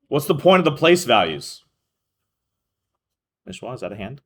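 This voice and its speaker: A man's voice: medium pitch, big pitch swings, moderate pace, pauses often, slightly rough. A male math teacher explaining a lesson to a class, thinking aloud, correcting himself and calling on students by name.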